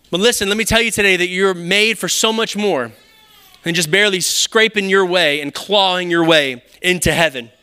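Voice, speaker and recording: A high-voiced man with a strikingly bright, forceful tone delivers a sermon from the pulpit. He preaches in an animated, conversational way, peppering his points with rhetorical questions to the congregation. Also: normal speed, clear, resonant tone. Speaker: pastor. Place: church sanctuary.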